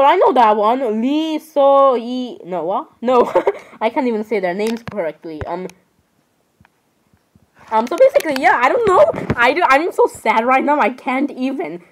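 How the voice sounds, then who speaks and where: A woman's voice: on the high side, poor audio. A woman vlogger rambling as she browses online, giggling and apologizing over and over. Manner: rambling, keeps apologizing, giggly, says "literally" often. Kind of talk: casual screen-browsing commentary.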